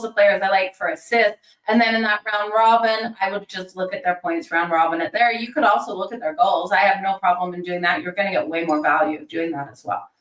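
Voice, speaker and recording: A woman hosting a daily hockey betting show, talking fast and chatty, thinking out loud with fillers. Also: fairly high pitch, recorded from a distance. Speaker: sports betting show host. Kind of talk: casual fast-paced hockey picks talk. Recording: roomy sound from off-mic.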